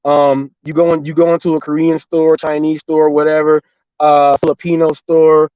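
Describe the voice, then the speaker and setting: High-voiced man telling a story animatedly. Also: normal speed, highs cut off, a little hiss or hum. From Los Angeles and Orange County, California. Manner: animated, repetitive retelling with quoted dialogue. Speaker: gig delivery driver and show host. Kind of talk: casual storytelling monologue.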